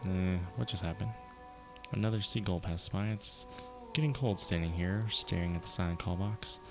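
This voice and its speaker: Gravelly-voiced man reading a game aloud. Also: deep voice. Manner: reads narration aloud and reacts with quick asides. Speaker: streamer. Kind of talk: reading game text aloud with casual commentary. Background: game music.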